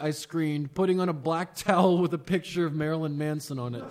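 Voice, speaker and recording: A man reading aloud in a comedic dramatic reading, mostly deadpan, with wry asides. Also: fairly high pitch, a little fast, hardly any pauses.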